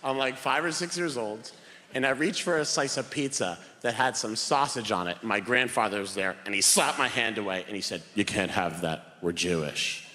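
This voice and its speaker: A young man performing a stand-up routine on stage, telling animated stories and acting out the people in them. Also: mid-range voice, brisk. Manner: animated storytelling, acts out quoted voices. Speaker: stand-up comedian. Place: theater stage with live audience. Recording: live hall with room reverb.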